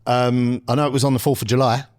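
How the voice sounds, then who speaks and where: A man's voice: medium pitch, level tone, fast talker, a little mellow, dry recording, studio quality. A man co-hosting a podcast, laddish and confident, calling everyone mate. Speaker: podcast co-host. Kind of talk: casual chat.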